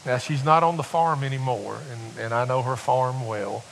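A man's voice: medium pitch, moderate pace, a little hiss or hum, rough recording. A middle-aged man preaching a sermon in a folksy, rambling storytelling way, full of restarts and building to fervent exhortation. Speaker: visiting preacher.

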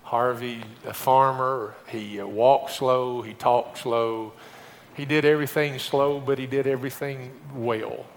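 A man's voice: medium pitch, fairly even intonation, unhurried, long reverb tail, slight background noise. An older man, a pastor, preaching a conversational sermon, often repeating words as he starts a thought.

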